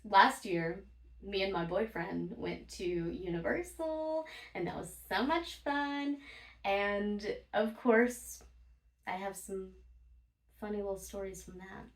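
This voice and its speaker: A woman's voice: medium pitch, takes it slowly. A woman vlogger telling casual stories, blunt and profane, laughing often as she talks. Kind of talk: casual storytime monologue. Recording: roomy, from a distance.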